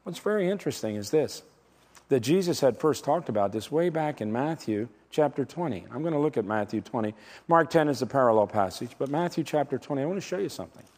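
A man preaching a sermon, emphatic and dramatic, swinging from loud declarations to hushed, slow words. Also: medium pitch, lively intonation. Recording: long hall reverb.

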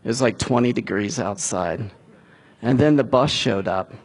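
A middle-aged man preaching a sermon, retelling a scripture story and giving the characters' lines in a raised, animated voice. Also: medium pitch, moderate pace, husky. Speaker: pastor.

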